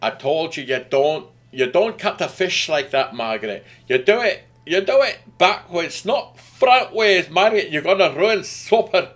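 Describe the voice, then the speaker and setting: A man's voice: fairly high pitch, animated, a little slow, hardly any pauses, fairly bright tone, pitched above the performer's own voice. A man putting on a scolding older man with a put-on accent, nagging about cooking supper.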